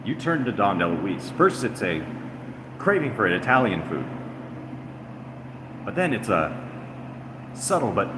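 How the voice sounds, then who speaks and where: A man streams live from his apartment room, his low-ish voice sing-song and unhurried, with long pauses. He rambles in casual chatter, teasing and mock-taunting his chat, in an echoey room with air-conditioner hum.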